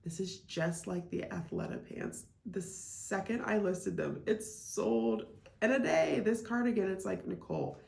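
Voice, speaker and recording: A woman's voice: mid-range voice, unhurried, creaky, a little mellow. A woman from Iowa, chatting casually as a reselling vlogger, full of "like" and "um" fillers. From Iowa, United States. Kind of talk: casual vlog chat. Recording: echoey room.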